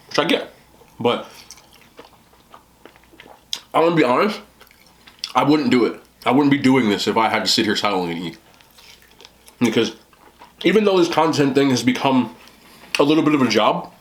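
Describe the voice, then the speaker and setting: Chatty man talking with a mouthful. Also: mid-range voice. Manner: talks with a mouthful, rambling and chatty. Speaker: mukbang vlogger. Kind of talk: casual talk while eating on camera.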